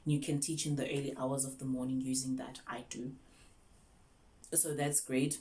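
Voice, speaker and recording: A woman's voice: rumbling low, level tone, moderate pace, warm tone. A young South African woman, an online English teacher, chatting casually through tips and mixing English with Zulu.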